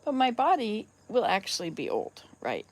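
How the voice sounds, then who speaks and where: A woman's voice: medium pitch, wildly swooping pitch, normal speed. A woman in her sixties chatting casually at home, rambling and upbeat, coaxing her cats now and then. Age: 60s. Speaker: vlogger. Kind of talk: casual chat.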